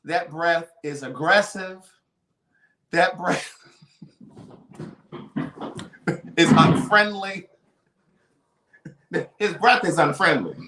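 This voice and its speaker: A man's voice: a little high, extremely slow, long pauses, bright, forceful tone, echoey room, slight background noise. A man telling a story on a casual live stream. He talks dramatically and piles up vivid adjectives.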